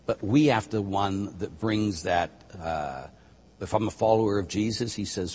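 A man's voice: fairly low pitch, moderate pace, darkish tone, a little hiss or hum. A man speaking as a Catholic priest on a talk show, teaching emphatically and acting out the voices of people he quotes. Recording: long hall reverb.

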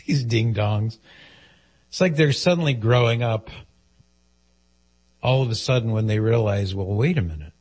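A man's voice: mid-range voice, unhurried, long pauses, darkish tone, husky. A man hosting a talk radio show, joking and teasing his co-host in casual banter.

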